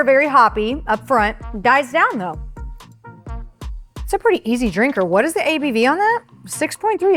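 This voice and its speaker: A bubbly woman with a high, bright-sounding voice hosts a casual beer review from a bar. She chats easily, throws in plenty of "like", and keeps calling things cute. Soft music plays faintly behind her. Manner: bubbly and enthusiastic, gushes that things are cute; chatty, with frequent "like" fillers. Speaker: host of a craft beer review show.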